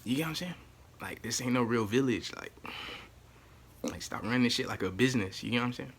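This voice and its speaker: A man vlogging to camera, ranting casually in slang, repeating "you know what I'm saying" and swinging from low muttering to loud exclaiming. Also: fast, creaky, a little hiss or hum.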